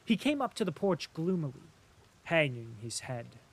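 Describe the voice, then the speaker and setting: A man narrating a classic novel in a measured, steady way. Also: a little high, husky. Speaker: audiobook narrator. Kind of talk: scripted narration.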